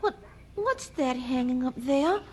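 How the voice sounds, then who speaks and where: A woman's voice: high voice, expressive, unhurried. Stammering small boy. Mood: anxious. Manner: stammering, pleading questions. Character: young boy, curious and fearful. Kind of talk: radio drama acting.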